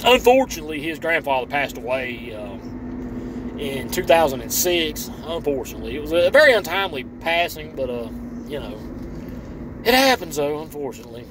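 Man, high-pitched, swooping delivery, rambling mocking rant recorded outdoors. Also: big pitch swings, moderate pace. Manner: sarcastic, profane, rambling. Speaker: online commentator. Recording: distant mic with loud traffic noise.

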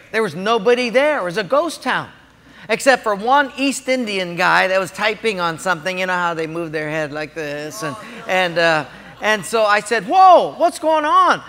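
Pastor guy preaching, bright tone, tells stories lively, talks right to the crowd. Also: sits high. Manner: animated storytelling, addresses listeners directly. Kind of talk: sermon. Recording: long hall reverb.

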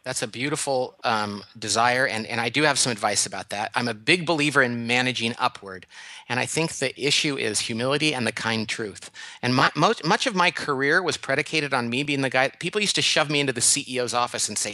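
A man giving a caller advice in an animated, emphatic way, telling stories and acting out other people's lines. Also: mid-range voice, brisk, dry recording. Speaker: guest advice-giver, management consultant. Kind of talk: radio call-in advice.

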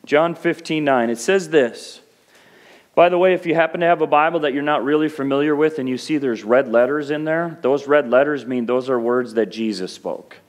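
Man preaching a lively sermon. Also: a little high, moderate pace. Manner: conversational preaching, rising to fervent peaks. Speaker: pastor.

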